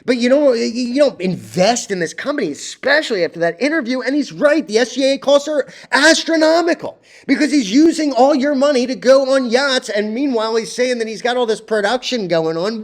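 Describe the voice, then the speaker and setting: A man's voice: very high voice, lively intonation, a little fast, few pauses. A young man hosting his own stock video, talking bluntly and swearing, rambling through charts with many restarts. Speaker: stock market video host. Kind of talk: ranting stock chart commentary.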